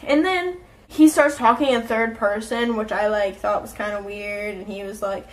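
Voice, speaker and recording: A woman's voice: mid-range voice, steady tone, moderate pace. A woman vlogger telling a casual storytime in an exasperated, sarcastic and heavily profane manner.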